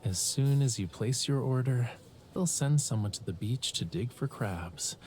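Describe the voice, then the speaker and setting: Sly, teasing sea-folk romance lead for a game, voiced by a man: lilting delivery that moves a lot, mid-pitched. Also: animated, a little slow, darkish tone, soft background music, close to an everyday voice. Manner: playful, knowing. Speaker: game character.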